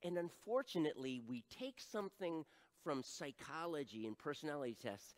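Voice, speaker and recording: A middle-aged male pastor preaching an animated sermon, acting out voices and adding self-deprecating asides. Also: a little high, normal speed, long reverb tail.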